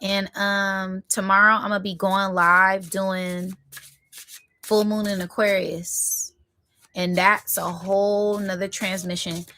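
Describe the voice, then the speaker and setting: A woman giving a live spiritual tarot reading, talking in affirming, repetitive phrases that break into sudden excitement. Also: mid-range voice, slow pace, a little hiss or hum.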